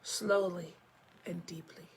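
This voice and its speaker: A woman school principal reading a picture book aloud to children, with animated storytelling and chatty asides. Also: on the low side, slow pace, slight background noise. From United States.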